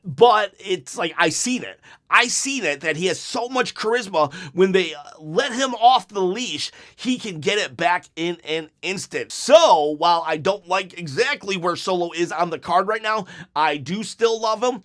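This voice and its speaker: A middle-aged man chats through fan questions in a loose, rambling vlog style. His voice sits high for a man, and he talks earnestly, stumbling and restarting as he goes. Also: fairly bright tone. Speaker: wrestling YouTuber. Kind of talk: casual Q&A vlog.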